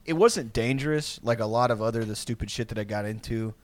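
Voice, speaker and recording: A man's voice: fairly low pitch, brisk. A young man telling a rambling story in casual chat, heavy on fillers and swearing.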